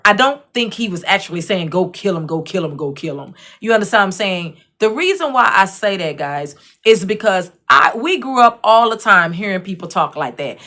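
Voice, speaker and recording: Her medium-pitched, fairly bright voice carries an online show of casual opinion commentary. The woman repeats phrases for emphasis and talks conversationally, checking in with her listeners again and again.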